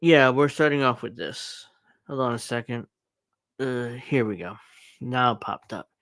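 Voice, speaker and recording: A man hosts his show alone in a loose, rambling way, full of fillers and asides. His voice is smooth and clear, recorded close and dry with no room sound. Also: mid-range voice, unhurried, a bit bright, no room sound. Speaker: podcast host. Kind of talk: casual solo commentary.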